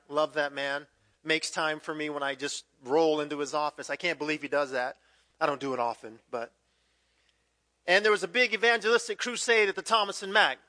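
A man in his fifties preaching a conversational sermon, swinging from loud acted quotes to quiet, drawn-out emphasis. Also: a little high, dry recording. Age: 50s. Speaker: pastor.

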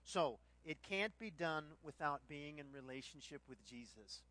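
Animated, bright-voiced male preacher. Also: a little high, a little slow. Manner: animated storytelling with put-on voices and laughter. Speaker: pastor. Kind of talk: sermon.

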